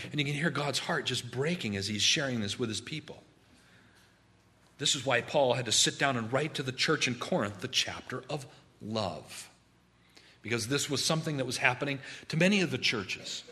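A pastor delivering a sermon with a bright, forceful tone and a medium pitch. He leans on slow, drawn-out phrases and repeats words for emphasis. The voice is carried from a church service.

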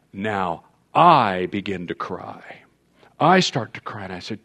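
A man preaching a sermon as a pastor, telling a story and explaining scripture in an animated way. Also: fairly low pitch, slow, slightly rough. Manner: storytelling, animated with quoted voices.

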